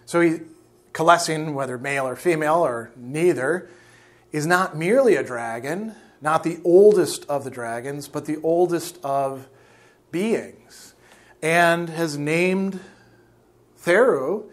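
Male lecturer, higher-pitched, explanatory, reads and discusses a novel. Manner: explanatory, with fillers and self-corrections. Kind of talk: reading and analyzing a novel.

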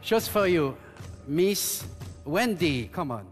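A man coaxes and pleads with his puppet, as if arguing with a stubborn partner. His voice sits a little high. Loud music plays behind him. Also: sing-song, slow. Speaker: ventriloquist contestant.

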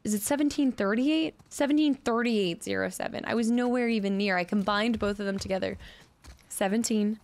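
A woman's voice: medium pitch, fairly quick, a little mellow. A woman commenting on her own gameplay, muttering number combinations to herself, chatting with viewers and laughing often. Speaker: gaming streamer. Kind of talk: let's play commentary.

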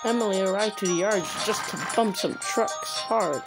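A woman narrating a children's engine story in an unhurried, plain storytelling voice. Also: mid-range voice. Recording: loud background music.

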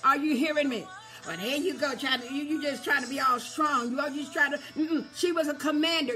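A woman preacher giving a sermon, repeating refrains and asking the congregation if they hear her, building up to shouts. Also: high-pitched, moderate pace, soft background music.

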